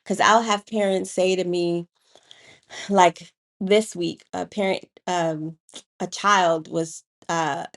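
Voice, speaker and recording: A woman educator co-hosting a casual chat, telling classroom stories and growing animated when she argues. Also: on the low side, slow. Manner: storytelling, grows animated and loud when arguing. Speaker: co-host and educator.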